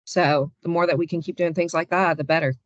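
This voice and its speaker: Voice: medium pitch, fairly even intonation, a little fast, dry recording, highs cut off. Affirming panel moderator, dry sound. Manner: affirming, reads out viewer comments. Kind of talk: hosting a video-call panel.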